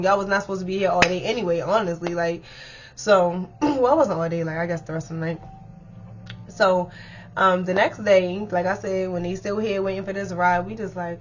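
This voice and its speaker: A woman telling a story to her viewers in a casual, animated way, with lots of swearing. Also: medium pitch. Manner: animated, profane, talks straight to viewers. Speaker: storytime vlogger. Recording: dull lo-fi sound.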